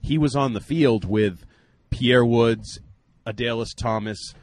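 A man's voice: medium pitch, slow pace, a little hiss or hum. A man co-hosting a casual sports radio show, teasing the others and giving football analysis. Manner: joking, teasing banter.

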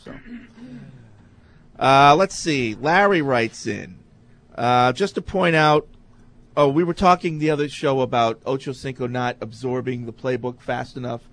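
A man's voice: medium pitch, a bit bright. A man hosting a sports talk radio show from the studio, chatting casually and reading listener mail with many fillers. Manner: easygoing, halting, many fillers.

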